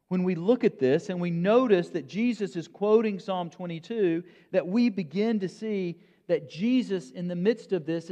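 A man delivers a sermon slowly and deliberately, leaning on dramatic pauses for emphasis. His voice sits a little high for a man. The sound is muffled and lo-fi, with a long reverb tail as if he is in a church sanctuary. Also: warm tone. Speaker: preacher.

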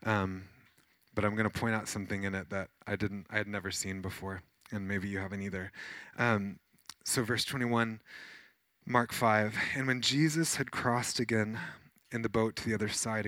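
Male pastor, conversational sermon, bright voice, snarky asides, dry close sound. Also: mid-range voice, no room sound. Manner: conversational, a little snarky, acts out scenes with rising urgency.

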